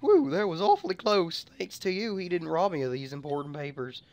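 A man's voice: sits high, lively intonation, a little fast, creaky, a little mellow, faint music behind, voice pushed up. A man voicing a relieved, grateful male office worker in a raised, chirpy voice.

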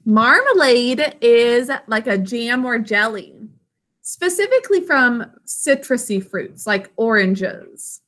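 A woman's voice: a little high, expressive, takes it slowly, a bit bright. A woman teaching a spelling lesson to children, patiently sounding words out syllable by syllable over a video call.

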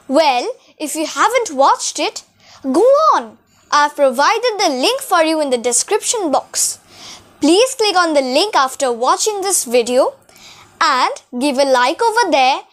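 High-voiced woman doing a beginner lesson, real slow, drags out the words. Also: fairly bright tone. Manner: slow, careful, drawing out example words. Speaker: French tutor. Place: room with a whiteboard.

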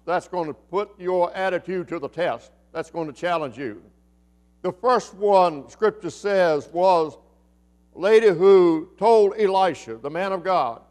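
An older man with a Southern American accent, preaching a sermon as pastor of a church, acting out the voices of the people in his story and dropping from loud emphasis to hushed storytelling. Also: high-pitched. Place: church sanctuary.

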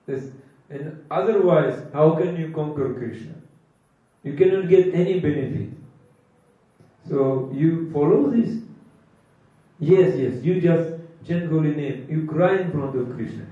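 A man's voice: on the high side, normal speed, warm tone. A man giving a devotional sermon. He repeats his points with emphasis and chuckles now and then. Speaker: preacher. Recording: echoey hall, far from mic, dull lo-fi.

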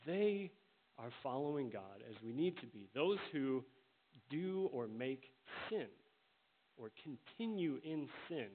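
A man preaching a sermon as pastor, earnest and emphatic, slowing down to stress the words he quotes. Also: medium pitch, big pitch swings. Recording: tinny phone-like sound with faint hiss.

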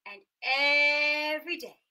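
A woman hosting an interactive children's storytime from her small apartment at home. She talks in an animated, playful way and makes sound effects along the way. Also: high voice, takes it slowly, rough recording. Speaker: children's show host and storyteller.

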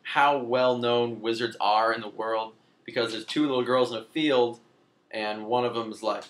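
A young man rambles through a comic retelling with a deadpan delivery, now and then jumping into brief silly voices. His voice sits at an ordinary middle pitch for a man, and his talk is loose and casual. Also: normal speed. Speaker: comedian recapping a film. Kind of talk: casual comedic rant.

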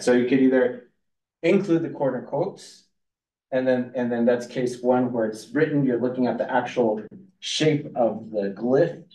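A man's voice: mid-range voice, a little mellow. A man giving a university lecture, rambling and restarting his sentences with many fillers. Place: lecture hall. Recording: roomy hall audio from far off.

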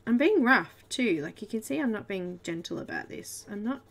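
Chatty and giggly, an Australian woman runs a live colouring tutorial, talking to viewers as she colours. Her voice sits in the mid range with big pitch swings and a creaky quality, and she speaks at a normal speed.

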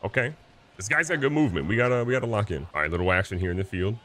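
A man's voice: lowish voice, lively intonation, very fast, a bit bright, a little hiss or hum. A young man giving casual, playful commentary while playing a baseball video game, boasting and mocking himself as he goes. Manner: playful, boastful, self-mocking trash talk. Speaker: gaming YouTuber.

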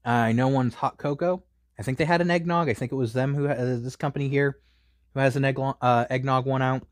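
A man's voice: medium pitch, fairly even intonation, brisk, no room sound, clean studio sound. A man casually reviewing a snack, rambling with many fillers and a little out of breath. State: a bit out of breath.

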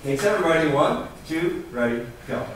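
A man's voice: on the high side, lively intonation, normal speed, loud music behind the voice. A man coaching a brass ensemble, encouraging and singing out rhythms. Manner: encouraging, sings rhythms aloud. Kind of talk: music clinic coaching. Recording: echoey hall, voice from far off, noisy.

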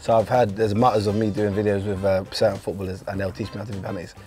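A young man reacting in casual banter, loud and animated, full of quick slang. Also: fairly low pitch. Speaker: guest reacting to comments. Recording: music playing behind.

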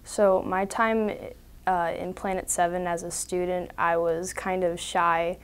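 A woman softly and hesitantly recalling her time as a camper. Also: lowish voice, flat delivery, a little slow, clear, resonant tone. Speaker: interviewee, former camper. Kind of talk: casual recollection.

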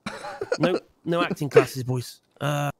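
A man with a West Country English accent, playing a lawyer in a role-play game and chatting calmly with plenty of fillers. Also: fairly high pitch, unhurried, no echo. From South West England. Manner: calm, chatty, with many fillers and restarts. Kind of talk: in-character role-play banter.

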